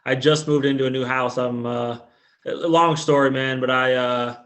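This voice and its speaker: A mid-pitched man from Indiana, a coach calling in to a podcast. He talks in a hesitant, searching way, restarting his sentences as he goes. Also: fairly even intonation, normal speed, fairly bright tone. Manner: hesitant, full of restarts and hedges. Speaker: caller, basketball coach. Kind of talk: casual conversation.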